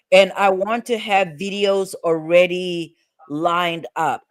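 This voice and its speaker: A man's voice: high-pitched, measured pace, clear, resonant tone. A man hosting a casual show about court cases, chatty and rambling with fillers and restarts. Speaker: host.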